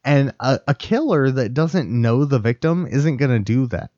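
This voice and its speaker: A man with a mid-pitched voice co-hosts a podcast, talking emphatically and incredulously and swearing often. The recording is dry and close, with a muffled, lo-fi tone. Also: expressive, normal speed, darkish tone, no room sound. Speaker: podcast co-host. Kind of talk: casual chat. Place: studio.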